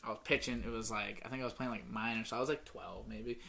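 A man's voice: on the low side, quick pace, vocal fry, pushed and bright. A young man hosting a podcast, telling a long story in a casual, rambling way with lots of fillers. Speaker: podcast host.

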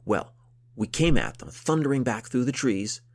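A man's voice: medium pitch, expressive, moderate pace, pitched above the performer's own voice. Man voicing a blustering warrior count. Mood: boastful. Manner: loud, blustering, grandly boastful. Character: boastful hot-tempered male warrior count.

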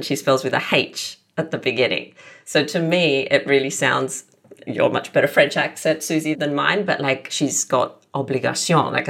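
Very low, gravelly woman historian. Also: fairly bright tone. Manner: thoughtful, explains at length with many asides. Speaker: guest author and historian. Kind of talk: podcast interview.

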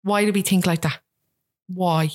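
A woman of about thirty speaks at a measured pace, her voice on the low side. As a guest in casual conversation, she's animated and often imitates the people she's quoting.

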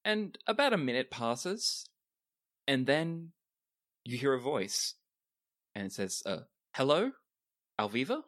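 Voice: mid-range voice, slow pace, pauses often. A game master narrating a tabletop game and voicing the characters the party meets. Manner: lively, voices several characters.

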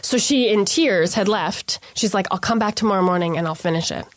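A woman's voice: medium pitch, fairly quick, no room sound. A young adult woman telling an interviewer about her experience, earnestly recounting events and acting out the things people said. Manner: earnest storytelling, acts out quoted dialogue. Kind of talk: personal account in an interview.

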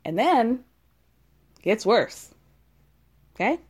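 A woman giving casual, animated commentary on a reality show, sassy and quick to exclaim. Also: fairly high pitch, husky. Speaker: reality TV recap host.

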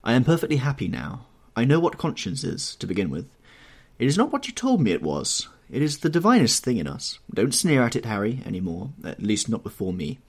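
A man voicing an impassioned, self-absorbed young English gentleman in an audiobook reading, with a husky tone and heightened emotional delivery. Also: mid-range voice, huge pitch swings, fairly quick, full character voice. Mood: earnest.

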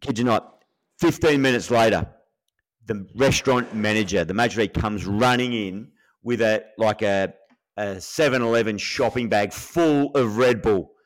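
A man, a podcast co-host, telling an animated story in a casual chat, laughing and acting out quotes. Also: on the low side, moderate pace. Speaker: co-host, former cricketer.

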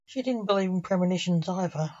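A woman reading a story aloud in a slow, even storytelling manner. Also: on the low side, highs cut off.

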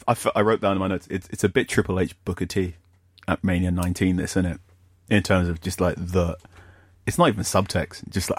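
A man's voice: sits low, no room sound, clean studio sound. A man co-hosting a podcast, telling stories in casual chat and laughing easily. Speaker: podcast co-host. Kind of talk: casual wrestling review chat.

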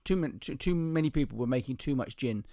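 A man's voice: mid-range voice, animated, a little fast, warm tone, no room sound, clean studio sound. A man co-hosting a podcast in casual chat, eagerly sharing trivia and laughing as he goes. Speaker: podcast co-host.

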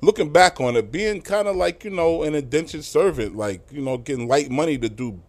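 A middle-aged man from New York, a guest in a casual interview, telling stories in a relaxed, slangy way and laughing often. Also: on the high side, fairly quick. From New York, USA. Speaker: guest, music industry A&R.

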